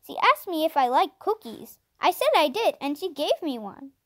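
A woman reading the lines of an earnest, hardworking older boy in a storybook, in a steady, matter-of-fact telling. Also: sits high, normal speed, no room sound, clean studio sound.

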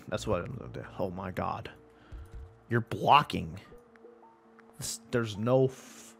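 A man's voice: medium pitch, no room sound. A young man giving profane, exasperated commentary while playing a video game, talking at the game. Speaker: gaming YouTuber. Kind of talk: frustrated gameplay commentary.

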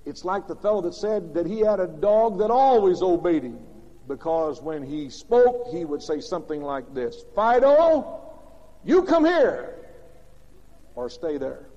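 Dramatic preacher in an echoing old recording. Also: male voice, moderate pace. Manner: dramatic swings between loud emphatic bursts and quiet, low asides. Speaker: pastor. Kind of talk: sermon. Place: large church sanctuary. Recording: old lo-fi recording with long reverb.

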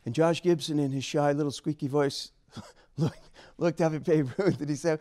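A man speaking as an author at a book talk, telling stories in an animated, emphatic way and chuckling along. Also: fairly high pitch, normal speed. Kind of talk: storytelling lecture.

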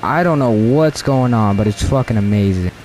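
A young man commenting as he plays a horror video game, talking to his viewers, excitable and cursing, often yelling in fright. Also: on the low side, normal speed, a little hiss or hum. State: out of breath. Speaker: gaming video creator. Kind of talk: let's play commentary.

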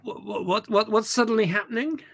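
A man directs actors over a video call, working through a scene in an online workshop. His voice sits fairly high for a man. He talks in an animated, digressive way and repeats words when he gets excited. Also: brisk, creaky. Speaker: theatre director leading a workshop.

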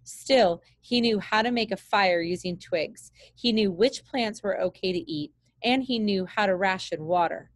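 A woman teacher reading a children's book aloud in a steady, plain way with small slips. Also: medium pitch, a little slow, few pauses, no echo.

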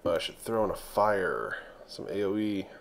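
A young man casually commentating his own strategy game while he plays, excitable and talking to himself. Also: low-pitched, unhurried, gravelly, slight background noise. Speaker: gaming channel host.

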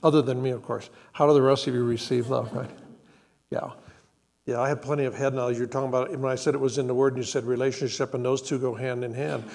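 An older man speaks in a calm, reflective way during a church sermon. He tells a personal story slowly, pausing and restarting as he goes. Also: mid-range voice, gravelly. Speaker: co-pastor. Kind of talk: conversational sermon. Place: church sanctuary.

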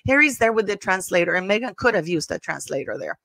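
Bright-toned gossipy woman commentator. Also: medium pitch, animated, quick pace, gravelly, no echo. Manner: gossipy, emphatic, repeats words. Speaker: commentary channel host. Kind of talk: casual commentary over footage.

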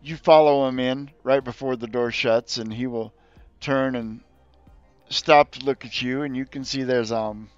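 A man narrating a tabletop game as game master, easygoing and full of ums. His voice has a middle pitch, the stream audio is slightly dull, and faint music plays behind him. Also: a little slow, clean tone, dry recording. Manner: relaxed, with frequent ums.

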